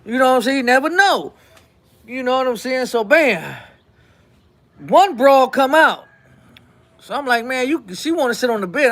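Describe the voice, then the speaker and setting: A man with a strikingly high voice tells a story to his show's audience. He talks casually and animatedly, acting out what others said and repeating lines for effect. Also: fairly bright tone. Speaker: host telling a story.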